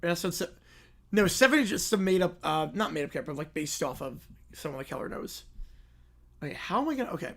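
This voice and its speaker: A man's voice: on the high side, animated, fast. A man hosting a live stream, rambling, laughing and interrupting himself as he improvises a story. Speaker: streamer host.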